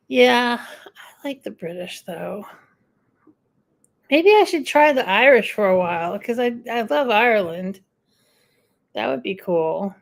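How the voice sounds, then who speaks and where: Woman live-streaming, casual rambling chat, slow unhurried talk, gravelly edge, answers viewer comments. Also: on the high side. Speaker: livestream host.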